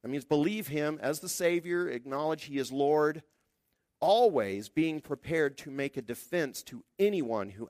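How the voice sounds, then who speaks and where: A man preaching a sermon in a conversational, lively way, acting out the quotes. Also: medium pitch, dry recording, studio quality. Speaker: pastor.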